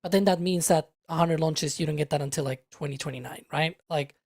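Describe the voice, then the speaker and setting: A man's voice: a little high, fairly quick, creaky, a little mellow, dry recording, clean studio sound. A man on a casual podcast panel who reasons things through in a hedging, analytical way and keeps checking in with the others. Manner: analytical, hedging, ends points with "right?".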